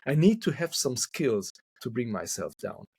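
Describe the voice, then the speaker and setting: Hungarian therapist, lively husky voice. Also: male voice, medium pitch, moderate pace, no room sound. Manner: thoughtful, repeats words while searching for them. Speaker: couple therapist guest. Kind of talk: podcast interview.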